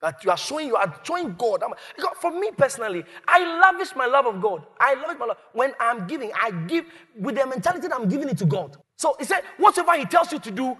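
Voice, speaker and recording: High-voiced preacher, echoing hall. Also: male voice, quick pace, hardly any pauses, husky. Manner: animated, shouting and laughing, acting out scenes. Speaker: pastor. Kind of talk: sermon. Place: church.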